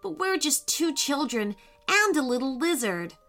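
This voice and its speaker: Storybook: a woman as a spirited young girl, bright and lively, quick to get cross. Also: high-pitched, soft background music, pitched above the performer's own voice, full character voice.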